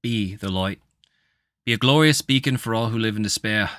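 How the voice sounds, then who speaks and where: A man's voice: on the low side, moderate pace, fairly bright tone, no room sound, clean studio sound, close to an everyday voice. A tired man voicing a male mentor spirit who recites a paladin oath, barely changing his own voice. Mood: solemn. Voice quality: tired, no accent attempted. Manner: solemn, reciting an oath line by line.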